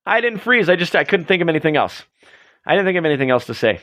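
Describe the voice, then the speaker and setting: A man's voice: high-pitched, very animated, quick pace. A man hosting a livestream, chatting casually in a rambling, self-deprecating way. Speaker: livestream host. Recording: dull lo-fi stream audio.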